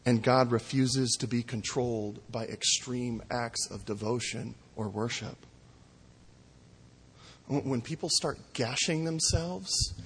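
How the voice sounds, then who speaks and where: A man preaching a sermon with an emphatic, mocking delivery that swings between loud exclamations and hushed asides. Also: mid-range voice, husky, long reverb tail. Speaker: pastor.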